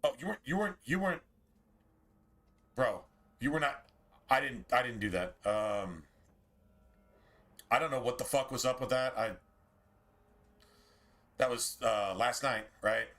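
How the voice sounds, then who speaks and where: A man's voice: mid-range voice, lively intonation, measured pace, long pauses, fairly bright tone. A man streaming a game and chatting casually to his viewers, rambling and swearing freely. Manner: rambling, profane, talks straight to chat. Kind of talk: casual livestream chat.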